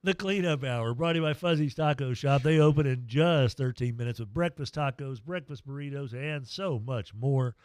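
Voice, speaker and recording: A man hosting a morning sports radio show, telling stories in a lively, emotional, self-deprecating way into a studio mic. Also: mid-range voice, normal speed, few pauses, no room sound. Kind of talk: casual morning radio chat.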